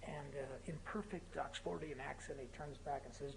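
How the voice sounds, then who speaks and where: A man's voice: on the high side, steady tone, moderate pace, vocal fry. A man in his fifties giving a political speech in a university lecture hall, building to fervent, emphatic crescendos between humorous asides. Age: 50s. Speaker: guest speaker.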